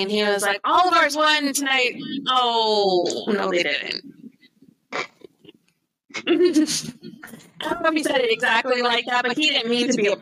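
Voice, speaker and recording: This woman co-hosts a casual podcast, talking in an animated way and breaking into laughter often. She acts out other people's lines as she goes. The recording is dry and close, with almost no room sound. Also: fairly high pitch, dry recording, low-quality recording. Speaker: podcast co-host. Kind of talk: casual chat recapping wrestling shows.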